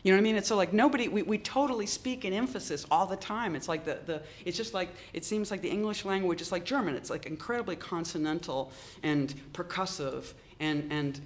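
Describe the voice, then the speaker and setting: An older poet from Boston, talking in a halting way with many restarts and strong emphasis. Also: mid-range voice. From Boston, United States. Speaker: poet, interview guest. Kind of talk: reflective conversation.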